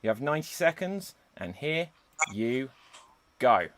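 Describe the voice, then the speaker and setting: A man's voice: mid-range voice, very animated, measured pace, fairly bright tone. A man hosting a live improv comedy show over a video call, upbeat as he reads out suggestions. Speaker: host.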